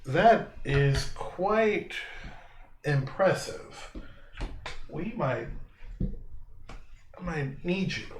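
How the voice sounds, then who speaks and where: A man voicing a proud male inventor, questioning sharply and slowly, in an echoey room with faint noise. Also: fairly high pitch, lively intonation, pitched above the performer's own voice. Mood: impressed.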